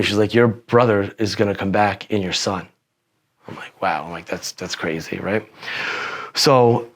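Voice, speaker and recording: A man in his forties, a podcast guest telling personal stories in a rambling, profane way with many restarts. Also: fairly low pitch. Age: 40s. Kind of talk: casual interview storytelling.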